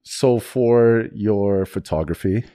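A man co-hosting a podcast, asking slow, halting questions with many pauses. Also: on the low side, mellow, dry recording, clean studio sound. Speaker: co-host. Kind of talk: podcast interview.

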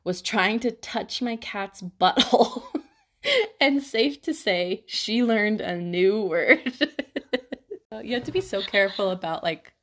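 Young woman podcast host, slow easy delivery, giggles a lot, says like constantly. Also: mid-range voice, expressive, fairly bright tone. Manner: giggly, lots of "like" fillers. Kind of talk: casual chat, reading listener stories.

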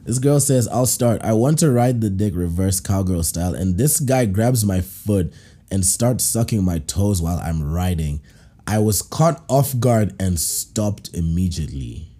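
A man from Kenya hosting a casual podcast, his voice dark and husky and his pitch leaping around as he laughs and acts out reactions. He reads listener stories slowly, with slangy banter. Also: animated. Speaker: podcast host. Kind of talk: casual chat, reading listener stories aloud.

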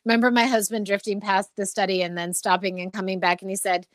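A middle-aged woman author who reads her prose with a careful, rhythmic beat and talks about craft in an animated, expressive way. Her voice sits in a moderate middle register. The recording is close and dry. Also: medium pitch, no room sound. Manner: rhythmic, measured reading; animated, expressive talk. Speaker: poet and novelist, guest author. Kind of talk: literary reading, then interview talk.

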